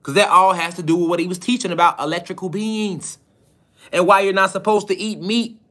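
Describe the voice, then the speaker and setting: A man with a somewhat high voice gives a preaching-style lecture to his students. He presses the listener with rhetorical questions and repeats key phrases for emphasis. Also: steady tone, brisk, a bit bright. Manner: hammers points with rhetorical questions.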